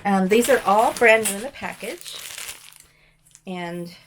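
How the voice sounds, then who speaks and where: A woman's voice: medium pitch, slow, background noise. A woman chatting casually as she shows mail and thrift finds, rambling with frequent ums and restarts. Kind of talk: casual show-and-tell chat.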